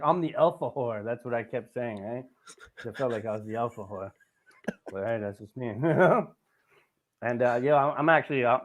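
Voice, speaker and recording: A man's voice: mid-range voice, narrow, tinny audio. A man hosting a casual podcast, telling a rambling, profane story with lots of asides. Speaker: podcast host.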